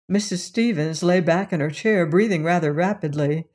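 A woman reading a mystery novel aloud as the host, in a measured, unhurried storytelling manner. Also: lowish voice, darkish tone. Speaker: audiobook narrator and host. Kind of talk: scripted narration of a mystery novel.

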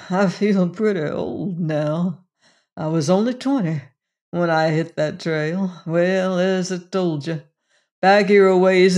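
A weary, gray older gunman speaks in a slow frontier drawl, as an audiobook reader puts him on. His voice is mid-pitched and unhurried. He sounds gentle and worn rather than fierce. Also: natural voice. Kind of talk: audiobook reading.

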